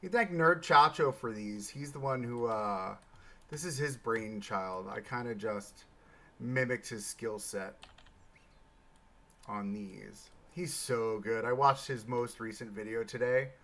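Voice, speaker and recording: Male livestream host, gravelly bright voice, unhurried chatty commentary while building. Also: medium pitch, slight background noise. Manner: thinks aloud, chatty, bursts of excitement. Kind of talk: casual live gameplay commentary.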